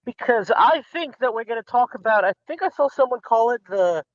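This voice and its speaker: This man's extremely high, animated voice moves a little fast as he chats casually as a podcast guest from the United States over an online call. He rambles with frequent ums and restarts, and the lo-fi call audio sounds dull and dry.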